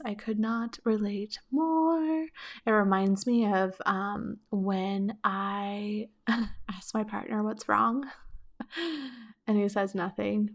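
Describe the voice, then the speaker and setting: Gentle woman giving relationship advice. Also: medium pitch, vocal fry. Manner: gentle, coaching, frequent "like" fillers. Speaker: podcast host answering listener questions.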